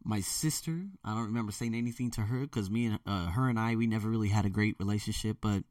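A man's voice: lowish voice, fast, darkish tone, no echo, studio quality, far from the mic. A man telling a candid, rambling personal story in a vlog, sometimes mimicking others. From United States. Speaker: vlogger.

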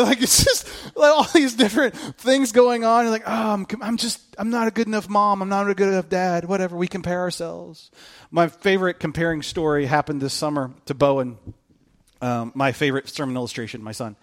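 A man in his thirties, a pastor, delivering a conversational sermon full of stories and emphatic repetition. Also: sits high. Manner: conversational storytelling with rising excitement and emphatic repetition.

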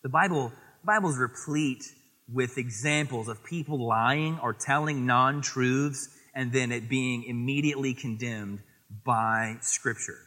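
Animated preacher in an echoing hall. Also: male voice, mid-range voice, unhurried. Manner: animated, acts out voices in anecdotes, quotes scripture. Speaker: pastor. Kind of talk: sermon.

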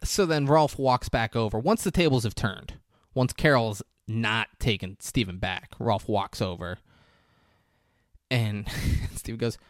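A man's voice: mid-range voice, a little slow, no room sound, clean studio sound. Man casually recapping a movie plot. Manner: animated storytelling, swears casually.

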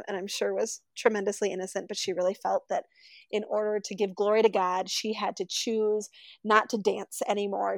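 A woman's voice: medium pitch, gravelly, dry recording, poor audio. A woman telling a story casually, acting out the people she quotes. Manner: animated, acts out quoted voices.

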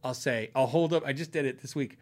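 His mid-range voice is a little fast with a darkish tone. A middle-aged guitar channel and podcast host from Arizona, he chats casually with viewers' questions, rambling, laughing often, and restarting his sentences.

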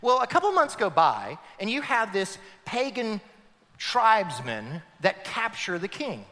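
A male pastor preaching with lively, swooping emphasis and a high, bright voice. His sermon rings out with a long reverb through a big church hall. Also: unhurried. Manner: animated emphatic preaching, addressing the congregation.

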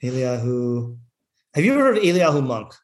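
A man's voice: medium pitch, sing-song, brisk. Man, rabbi, weekly class, casual teaching, frequent fillers, restarts, reads texts aloud. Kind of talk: informal text study class.

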